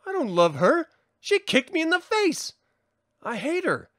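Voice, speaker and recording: Swaggering rogue swordsman read by a man, wry and animated, with a slow, close, dry delivery. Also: very high-pitched, no echo, pitched above the performer's own voice, full character voice.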